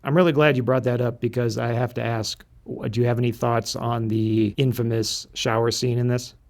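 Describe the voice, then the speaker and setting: Man host, casual podcast, wry and measured, mid-pitched, asks the questions. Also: little pitch movement, darkish tone. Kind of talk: casual chat.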